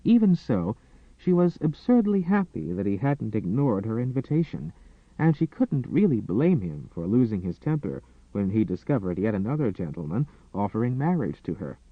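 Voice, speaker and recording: Dramatic male narrator for a period romance; animated delivery, thin phone-like audio. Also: on the low side, moderate pace, no room sound. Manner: expressive, dramatic reading. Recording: dry, tinny phone-like sound.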